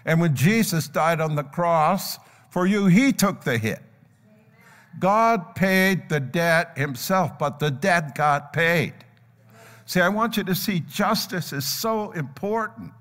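In a church sanctuary with long hall reverb and a live congregation, an older pastor tells a parable during his sermon, acting out its characters. His voice is fairly high and fairly bright, animated yet slow.

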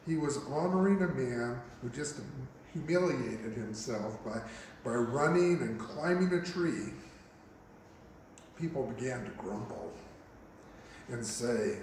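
A male pastor preaching a first-person dramatic monologue sermon, telling the story in character with an expressive, unhurried manner. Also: mid-range voice. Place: church sanctuary. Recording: very echoey church hall, faint hiss.

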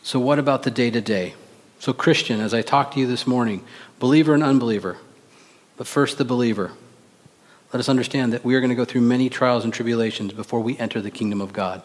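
A man's voice: mid-range voice, fast talker. Man preaching in a reverberant church. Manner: animated, acts out quoted voices, rhetorical questions to the congregation. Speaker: pastor. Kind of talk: sermon. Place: church sanctuary. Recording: long reverb of a church hall.

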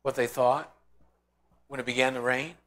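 A man's voice: mid-range voice, fairly even intonation, moderate pace, a bit bright. A man teaching a Bible study in an informal sermon style, telling stories animatedly and acting out the voices of the people in them.

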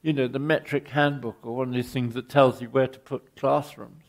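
A man's voice: medium pitch, fairly even intonation, normal speed, vocal fry. An older English man giving an anecdotal architecture lecture, wry and rambling, often restarting his phrases. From England.

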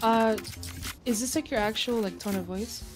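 A woman in online game voice chat, speaking quietly and hesitantly as she reacts. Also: fairly high pitch, moderate pace, soft background music.

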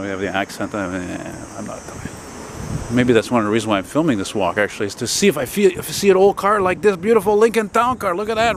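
A man, chatting casually as he walks outdoors along a city street, rambling and swearing now and then. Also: on the high side. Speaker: vlogger. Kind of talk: casual walking commentary. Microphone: handheld camera while walking. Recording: noisy outdoor street recording. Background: passing traffic.

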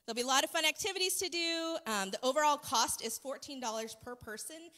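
A woman on the church staff giving announcements and leading a prayer, bubbly and quick to laugh, recorded in a church sanctuary. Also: sits high. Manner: warm and bubbly, laughs often. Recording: long reverb of a church hall.

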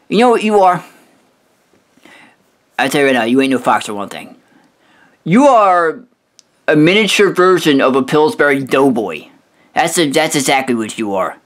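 A man on a profane, aggressive rant, voice sitting a little high for a man. He swears constantly and trips over his own words, repeating the start of a phrase several times before pushing on. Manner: aggressive, swearing, repetitive stammering restarts. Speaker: video host roasting another creator.

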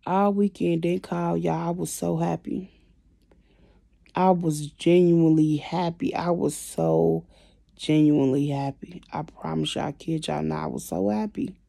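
A woman vlogger venting to her viewers, emotional and swinging between quiet and loud, constantly addressing them directly. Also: low voice, steady tone, unhurried, gravelly, no echo, clean studio sound. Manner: emotional, repeats "y'all" constantly. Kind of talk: venting to camera.

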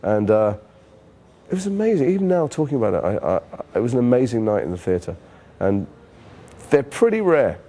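A man from Liverpool, England, an actor telling lively anecdotes in an interview, often restarting his sentences. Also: mid-range voice, moderate pace. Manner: animated storyteller, frequent restarts. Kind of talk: candid anecdotal interview talk.

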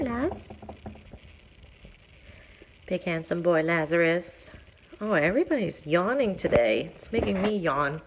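A woman who manages an animal shelter leads a live tour, speaking plainly about each cat and then cooing at it in a high sing-song voice, with background noise present.

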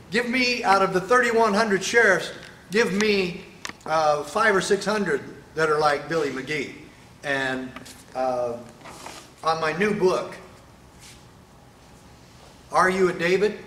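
Guy preaching a fiery speech, kinda high voice, bright edge, echoey hall. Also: far from the mic, slight background noise. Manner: emphatic, fiery, rhetorical. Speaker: speaker at a sheriffs' event. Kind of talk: political speech. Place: event hall with audience. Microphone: microphone, sometimes stepping away.

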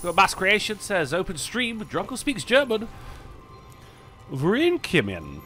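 A man's voice: sits high, expressive, normal speed, over music. A man streaming a video game, rambling, swearing and mocking himself as he plays. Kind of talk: let's play commentary.

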